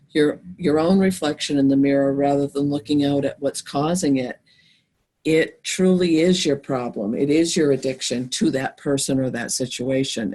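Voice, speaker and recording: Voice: mid-range voice, darkish tone. A podcast guest speaking earnestly and reflectively from personal experience. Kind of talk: casual conversation.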